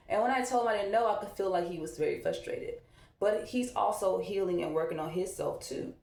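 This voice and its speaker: A woman's voice: medium pitch, a little fast, vocal fry, a little mellow. A woman, a mom talking candidly and reflectively while she gets ready at home. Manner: candid, reflective, loose conversational delivery. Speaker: vlogger, mom. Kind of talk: casual get-ready-with-me chat. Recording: echoey room.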